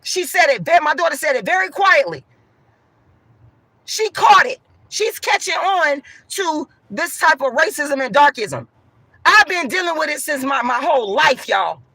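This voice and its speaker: Loud, emphatic woman venting, bright and gravelly. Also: high voice, sing-song, measured pace, dry recording, rough recording. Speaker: vlogger. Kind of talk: venting monologue to viewers.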